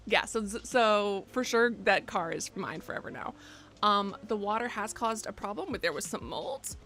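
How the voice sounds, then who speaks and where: A young woman streamer in her twenties chats to her audience in a rambling, self-mocking way, now and then breaking into loud excited bursts. Her pitch sits in the middle for a woman. Soft music plays faintly behind her. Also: moderate pace, creaky. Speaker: game streamer. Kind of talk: casual live-stream chat. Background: faint background music.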